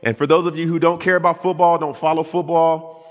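A man preaching a sermon, telling his story and acting out quoted voices with big swings in pitch. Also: little pitch movement, fairly quick, big-room sound. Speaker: pastor.

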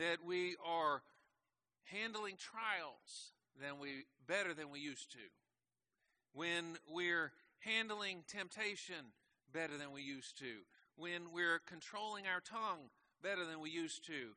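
A man's voice: on the high side, sharp tone. A man preaching a conversational sermon to a church congregation, asking rhetorical questions. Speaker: pastor.

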